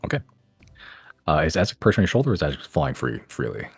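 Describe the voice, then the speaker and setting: Man, extremely low voice, husky, dry close sound, game master narrating a tabletop game, casual and rambling. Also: big pitch swings, quick pace, dry recording, faint music behind. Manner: loose, filler-heavy description.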